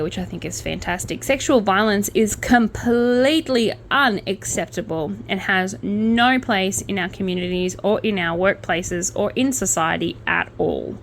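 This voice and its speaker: A woman's voice: medium pitch, slight background noise. A woman hosting a casual true-crime podcast, blunt and opinionated, with swearing and jokey asides. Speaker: podcast host.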